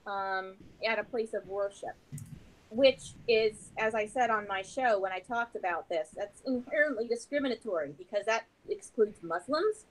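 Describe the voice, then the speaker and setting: A woman's voice: medium pitch, normal speed, low-quality recording. A woman guest on a podcast interview who talks in a chatty, rambling way with many fillers. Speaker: podcast guest and comedy show host. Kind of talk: casual interview chat.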